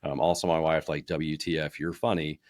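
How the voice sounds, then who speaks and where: Deep voiced guy cohosting a podcast, lots of ums and restarts, dry close sound. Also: flat delivery, moderate pace, no room sound. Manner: chatty, many fillers and restarts, acts out quotes. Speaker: podcast co-host. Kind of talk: casual podcast chat about personal branding.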